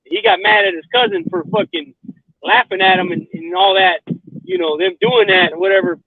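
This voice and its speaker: A man's voice: high-pitched, big pitch swings, fairly quick, creaky. A man in casual chat, rambling and swearing, often asking whether you follow him. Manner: profane, rambling, keeps asking "you know what I mean". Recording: tinny phone line, dry.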